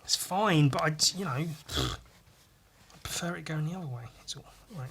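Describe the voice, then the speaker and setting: Young man, wheezy and squeaky, crude self-mocking mutter while sketching; pitch slightly high. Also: normal speed, fairly bright tone, slight background noise. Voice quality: squeaky breathing. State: wheezy, short of breath. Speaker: podcast host drawing. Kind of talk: rambling solo chat while drawing.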